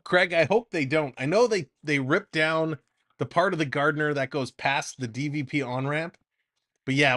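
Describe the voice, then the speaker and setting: A man doing casual live play-by-play for a fan stream, chatting off-topic between pitches and laughing often. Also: fairly bright tone.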